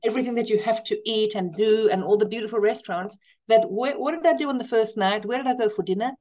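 A woman's voice: fairly high pitch, fast, dark tone. A middle-aged woman, a guest in a casual interview, telling stories enthusiastically and with emphasis. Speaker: guest, cookbook author.

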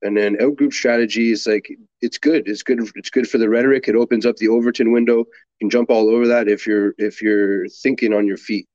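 A man's voice: fairly low pitch, steady tone, fairly quick, darkish tone, no room sound. A man co-hosting a casual podcast, speaking bluntly and dismissively with frequent swearing. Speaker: podcast co-host. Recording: dull, muffled lo-fi line.

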